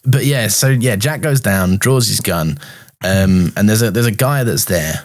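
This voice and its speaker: A man's voice: on the low side, measured pace. A man co-hosting a casual rewatch podcast, sweary and jokey, often slipping into silly character voices. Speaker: podcast co-host.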